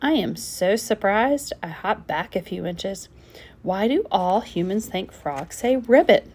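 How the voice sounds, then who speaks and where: A woman's voice: medium pitch, expressive, a little slow, darkish tone, husky. Woman reading a storybook aloud. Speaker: narrator. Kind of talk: storybook read-aloud, first-person frog narration.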